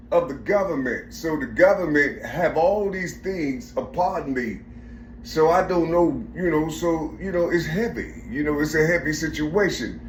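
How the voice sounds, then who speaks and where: There's a little hiss or hum on this recording of a middle-aged man with a fairly high, slightly bright voice. In an echoey room, he tells a meandering, profane personal story, repeating himself, searching for words and repeatedly saying "you see."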